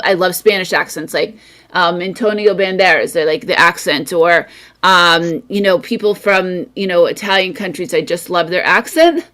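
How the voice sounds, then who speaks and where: An American woman hosting a casual video call, talking in a chatty way with lots of fillers. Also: fairly low pitch. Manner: chatty, warm encouragement, frequent fillers. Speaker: English teacher and host.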